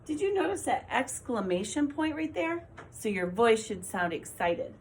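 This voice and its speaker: A woman teacher giving a recorded lesson to young children, talking slowly and clearly as she writes and encourages them. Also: a little high, big pitch swings. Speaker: kindergarten teacher.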